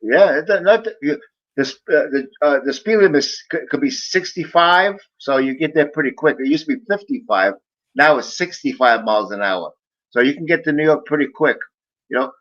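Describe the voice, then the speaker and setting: Talkative male guest, stumbling anecdotes over a dull lo-fi line, somewhat higher voice. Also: animated, normal speed, a bit bright. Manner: talkative, tells stories with many stumbles. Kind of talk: casual chat.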